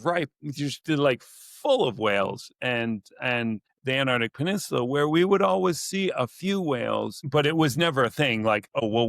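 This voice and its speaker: A middle-aged man from California, a naturalist guest telling rambling, lively stories in a casual podcast interview, on a close mic. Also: medium pitch, no echo.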